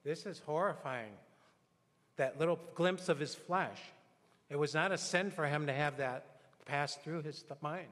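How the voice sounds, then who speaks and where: A man's voice: fairly high pitch, fairly even intonation, moderate pace, a bit bright. A middle-aged man preaching a conversational sermon in a church, telling anecdotes and acting out quotes. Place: church sanctuary. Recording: long hall reverb.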